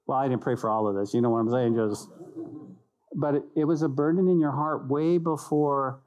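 A man, a pastor, preaching an animated sermon who acts out little voices and repeats key phrases for emphasis. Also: mid-range voice, moderate pace, rough recording. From United States.

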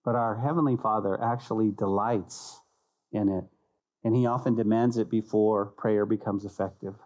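A man, a pastor, preaching an animated sermon who acts out little voices and repeats key phrases for emphasis. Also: fairly low pitch, normal speed, low-quality recording. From United States.

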